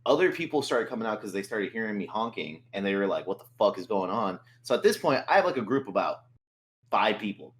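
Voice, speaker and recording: A man's voice: on the low side, very animated, quick pace, rough recording. A young man, co-host of a podcast, telling a story in casual chat, acting out quotes and swearing a lot.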